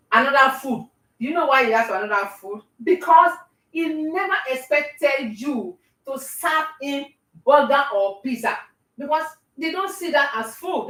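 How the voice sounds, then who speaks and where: A woman's voice: on the high side, sharp tone. An older Nigerian woman with a Nigerian accent, host of a live cooking show, lecturing and joking as she chats and laughs often. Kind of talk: casual chat while cooking live. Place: home kitchen. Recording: roomy, distant from the mic.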